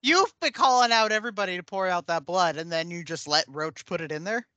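A woman's voice: on the low side, a little fast, bright, forceful tone, no echo. A woman co-hosting a podcast, chiming in with wry comments and laughter during casual movie chat. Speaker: podcast co-host.

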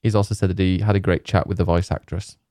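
Low, mellow-voiced man rambling casually. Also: little pitch movement, fast, no echo, studio quality. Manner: rambling, laughs often, many fillers. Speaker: podcast co-host. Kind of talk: casual chat.

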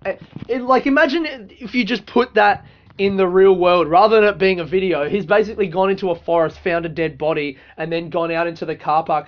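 A man, a comedian, ranting casually and profanely with lots of filler words. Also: sits high. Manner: profane, rambling rant with many fillers. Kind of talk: casual monologue. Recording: dull lo-fi recording.

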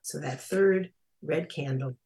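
Here a mid-range, creaky voice with a slightly mellow, breathy quality explains Kwanzaa in a casual lesson. The speaker reads bits of a children's book and pauses thoughtfully, using fillers while carefully spelling out Swahili terms.

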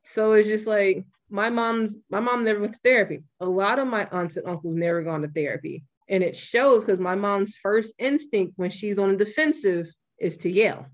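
A young woman hosting a podcast, talking bluntly and with plenty of swearing in a casual, animated way. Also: mid-range voice, normal speed, few pauses. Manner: blunt and profane, animated retelling. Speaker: podcast host.

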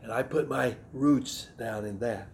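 A man's voice: medium pitch, unhurried, darkish tone, a little hiss or hum. Earnest Southern American man preaching. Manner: earnest, reflective, with frequent restarts and throat clearing. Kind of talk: sermon.

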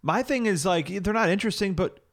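A man's voice: sits high, animated, a little fast. Male podcast co-host, casual, rambly, swears and laughs easily.

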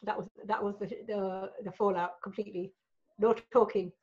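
A woman's voice: mid-range voice, steady tone, moderate pace, a little mellow, lo-fi sound. A woman telling personal stories as a podcast guest, frank and sweary, tagging lines with right and you know. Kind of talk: candid storytelling in a podcast chat.

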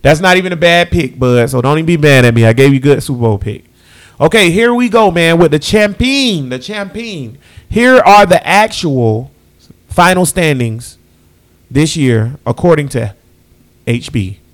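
A man's voice: on the high side, animated, normal speed. A man hosting a podcast, chatting loosely through football season picks and addressing listeners as y'all. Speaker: podcast host. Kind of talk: casual sports picks chat.

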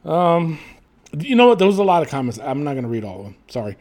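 High-voiced gravelly man. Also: quick pace. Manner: animated, swearing, laughing often. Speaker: podcast co-host reading listener comments. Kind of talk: casual chat.

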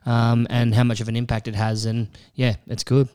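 A man's voice: mid-range voice, little pitch movement, moderate pace, dark tone, clean tone, dry recording, clean studio sound. A man in his thirties co-hosting a movie podcast, laid-back and reflective. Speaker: podcast co-host. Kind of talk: casual chat.

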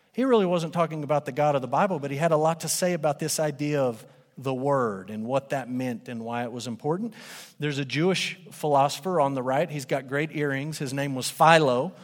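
A man preaching a sermon as pastor, animated and conversational, speaking to a congregation in a church. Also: fairly high pitch. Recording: long hall reverb.

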